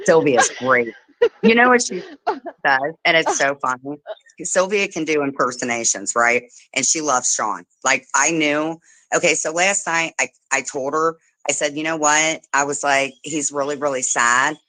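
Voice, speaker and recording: A woman hosting a casual livestream chat, telling animated stories, swearing freely and mimicking the people she talks about. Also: deep voice, normal speed, dry recording, rough recording. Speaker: livestream host.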